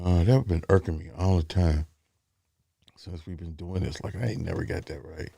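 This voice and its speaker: A man's voice: deep voice, normal speed, creaky, mellow, slight background noise. A man hosting a casual talk show, rambling loosely and repeating phrases for emphasis. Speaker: podcast host.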